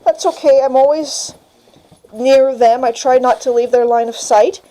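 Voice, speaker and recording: A young woman explains her routine in a relaxed, unhurried way, her voice mellow and a little higher than most. She records on a handheld camera at home, and her phrasing is plain and patient. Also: rough recording. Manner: calm explaining, high sing-song praise to puppy. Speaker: dog breeder. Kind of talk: casual instructional vlog. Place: home kitchen, indoors. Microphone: handheld camera mic.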